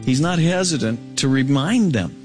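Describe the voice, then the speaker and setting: A man preaching a Bible sermon, jumping up to high, ringing emphasis and dropping low and quiet, stretching key words slowly. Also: lively intonation, music in the background. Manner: swings between soaring high emphasis and low hushed reading. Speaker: pastor. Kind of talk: expository sermon.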